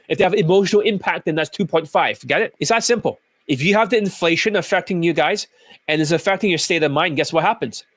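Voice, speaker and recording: A man's voice: high voice, dry recording. A man who coaches dating, ranting in a profane, mocking way about other coaches. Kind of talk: ranting video commentary.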